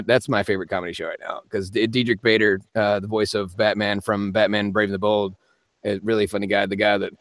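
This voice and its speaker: A man's voice: fairly low pitch, fairly bright tone, no echo. A man hosting a live-stream Q&A as a voice actor, chatting casually and rambling with frequent laughs. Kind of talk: casual live-stream chat answering viewer comments.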